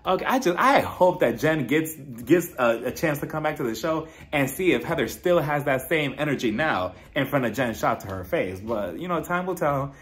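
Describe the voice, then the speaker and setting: Chatty man recapping with lively mimicry. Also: on the high side, moderate pace, hardly any pauses. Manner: animated, acts out cast members' lines in mimicking voices; laughs often. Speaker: reality TV reviewer. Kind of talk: casual recap commentary.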